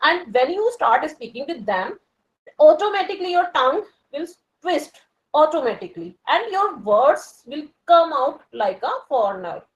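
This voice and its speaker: A woman's high-pitched, very animated voice comes through at normal speed, though the recording cuts off the highs. She is a working professional from India with an Indian English accent, chatting hesitantly about learning English with lots of fillers and restarts.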